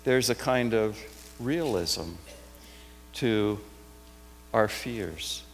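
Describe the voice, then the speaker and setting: A man's voice: fairly low pitch, expressive, extremely slow, creaky, faint music behind. Man preaching in a reverberant hall. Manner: conversational, reflective, with soft emphatic repetitions. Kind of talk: sermon. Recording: long hall reverb, faint hum.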